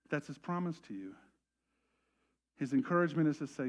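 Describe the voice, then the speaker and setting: A man preaching a sermon as pastor, animated and acting out quoted voices to a congregation. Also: fairly high pitch, a little fast, pauses often. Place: church service.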